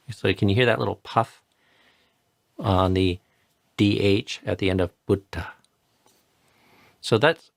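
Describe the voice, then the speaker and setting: A man's voice: lowish voice, gravelly, a bit bright, no room sound, clean studio sound. A man patiently explaining and modeling pronunciation in a live chanting tutorial. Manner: patient, explanatory, repeats words slowly to model sounds. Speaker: chanting teacher.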